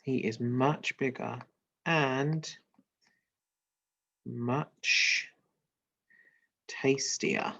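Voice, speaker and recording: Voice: mid-range voice, fairly even intonation, drawn-out words, vocal fry, pauses often, pushed and bright, full character voice. A teacher playing a bargaining middle goat. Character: quick-thinking middle goat. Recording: dull lo-fi sound.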